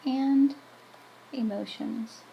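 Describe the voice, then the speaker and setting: A woman's voice: sits high, steady tone, extremely slow, vocal fry, muffled recording, slight background noise. A woman teaching Spanish verbs in a chatty style, correcting herself as she writes on a board. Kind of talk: classroom video lesson.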